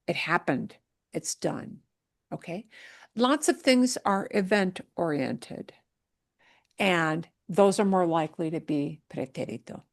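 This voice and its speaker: A woman teaching a Spanish grammar lesson in a slow, unhurried way. She keeps checking in with her students and stretches out the key words to make them stick. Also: fairly low pitch, expressive. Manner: encouraging, checks in often with "okay?".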